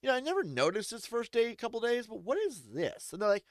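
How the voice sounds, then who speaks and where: A man's voice: very high-pitched, very animated, fast, no room sound, clean studio sound. A man giving rambling, joking, profane let's-play commentary while playing a game. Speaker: gaming streamer.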